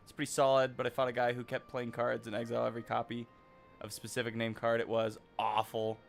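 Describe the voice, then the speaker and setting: A male streamer chats casually and jokes with his co-player while they play. His voice sits at an ordinary middle pitch. The talk is easygoing and loose. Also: monotone, fast talker, gravelly, faint music behind. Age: adult. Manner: chatty, joking. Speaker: game streamer. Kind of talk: casual gaming chat.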